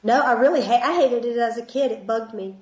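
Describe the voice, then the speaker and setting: A woman's voice: a little high, fairly quick, darkish tone. A woman with a Southern US accent, a middle school teacher co-hosting a casual chat in a frank, easygoing way. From South Georgia, US. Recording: roomy, dull lo-fi sound.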